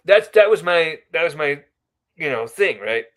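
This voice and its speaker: A man's voice: a little high, big pitch swings, normal speed, fairly bright tone. Chatty man telling a rambling story. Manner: often ends remarks with a questioning "right?". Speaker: podcast guest. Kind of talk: casual storytelling.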